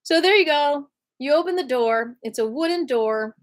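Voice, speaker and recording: A woman telling a story in a casual storytime vlog, chatty and animated, laughing often and using lots of fillers. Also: high-pitched, moderate pace. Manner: animated retelling with many fillers. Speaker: vlogger.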